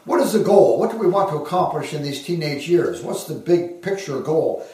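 A man preaching as a pastor, earnest and emphatic, slowing down to give phrases weight. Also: a little high, animated, mellow. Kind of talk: sermon. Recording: very echoey hall, heard from a distance.

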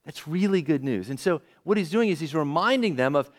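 A man's voice: fairly high pitch, animated, fairly quick. A male pastor preaching a sermon in an emphatic, conversational way, asking his listeners questions as he teaches.

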